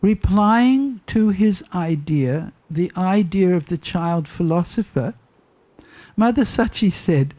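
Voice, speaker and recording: A woman in her seventies telling a devotional story to a class, slow and deliberate, often repeating her phrases. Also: fairly low pitch, lively intonation, dark tone. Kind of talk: storytelling sermon.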